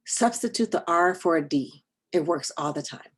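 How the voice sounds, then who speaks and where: A woman giving an online training presentation in an earnest, deliberate way, speaking over a video call and trailing into a soft near-whisper at the end of her points. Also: on the low side, expressive, slightly rough. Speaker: workshop trainer.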